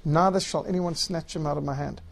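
A man's voice: on the high side, steady tone, fairly quick, gravelly. A man teaching systematic theology, reading scripture passages aloud and stressing key words. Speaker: Bible teacher.

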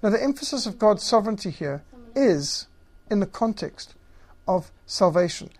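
A man's voice: high-pitched, very animated, moderate pace, darkish tone. A man teaching systematic theology, reading scripture passages aloud and stressing key words. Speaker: Bible teacher.

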